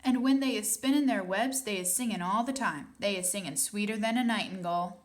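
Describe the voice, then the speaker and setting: A woman's voice: mid-range voice, fairly quick, lightly acted. A woman reading aloud and voicing a big, friendly male giant who talks in jumbled grammar and made-up words. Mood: cheerful. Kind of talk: audiobook reading.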